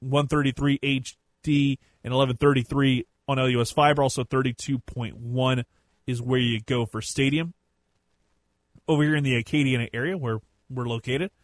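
Chatty podcast host. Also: male voice, medium pitch, fairly even intonation, moderate pace, no echo. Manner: chatty, rambling, self-correcting. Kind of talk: casual solo podcast commentary.

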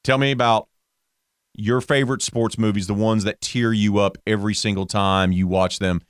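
A middle-aged man co-hosting a casual sports talk show, ranting with animated jumps up in pitch for emphasis. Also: moderate pace, clean tone, dry recording, studio quality. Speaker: co-host.

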